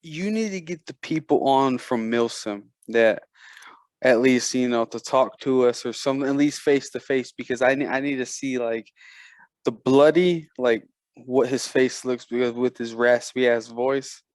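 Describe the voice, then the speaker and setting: A man's voice: medium pitch, normal speed, no echo. A young man chatting casually as a podcast guest, rambling with restarts and casual swearing. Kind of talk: casual chat.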